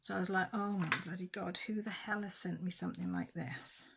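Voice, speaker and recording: A woman's voice: lowish voice, fairly even intonation, fairly quick, gravelly, background noise. A middle-aged woman chatting casually on her vlog, telling a story in a rambling, emotional way with many restarts. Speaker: diamond painting vlogger. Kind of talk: casual chat.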